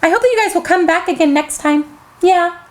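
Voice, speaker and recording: A woman hosting a children's story time, reading a storybook aloud and talking gently to the kids watching. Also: very high-pitched, brisk. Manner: gentle, animated, talks to kids directly.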